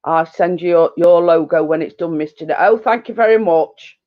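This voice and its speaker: A woman's voice: fairly low pitch, normal speed. A middle-aged woman hosts a casual live-stream chat from home, rambling along with lots of fillers and giggles. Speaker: channel host on a live stream. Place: living room at home. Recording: dull lo-fi home recording.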